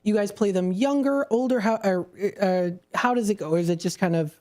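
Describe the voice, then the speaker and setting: A woman's voice: medium pitch, normal speed, darkish tone. Woman, radio host, chatty studio interviewer, loose and filler-heavy. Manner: chatty, many fillers and restarts.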